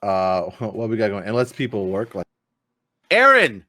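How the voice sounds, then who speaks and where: A man hosts a live gaming stream in casual chat. His voice sits fairly low, and the sound is close and dry with no room behind it. He rambles freely, full of fillers and the occasional swear. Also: steady tone, normal speed, a little mellow, dry recording. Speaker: podcast host.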